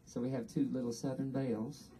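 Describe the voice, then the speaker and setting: An Australian man giving an earnest, unhurried acceptance speech at an outdoor ceremony, pausing often. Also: medium pitch, little pitch movement, distant mic, noisy background. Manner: earnest, unhurried, with frequent pauses. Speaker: award inductee.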